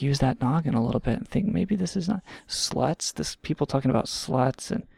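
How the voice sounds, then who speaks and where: A man's voice: medium pitch, creaky, a little mellow, no room sound, studio quality. A man hosting a show, ranting in a rambling, sarcastic and profane way. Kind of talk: casual comedic rant.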